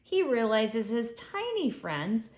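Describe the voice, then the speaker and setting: Lady reading a kids book, slow and expressive, echoey room. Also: on the high side. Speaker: author reading her book. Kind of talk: children's story reading.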